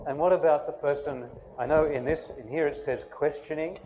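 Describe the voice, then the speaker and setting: A man's voice: a little high, fairly even intonation, a little slow. Preacher man on a tinny recording. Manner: conversational, asks the congregation questions. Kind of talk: sermon. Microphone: writes on a board while preaching. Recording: tinny phone-like band, faint noise.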